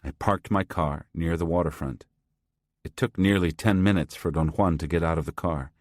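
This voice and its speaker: A man narrating a first-person story as an audiobook, in a measured, sober way. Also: sits low, a little mellow, dry recording, clean studio sound.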